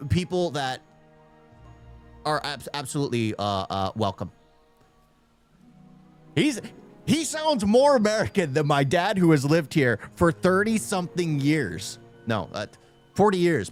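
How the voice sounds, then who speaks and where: A man casually reacting to news clips, animated and stammering, laughing often. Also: fairly high pitch. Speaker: reaction streamer.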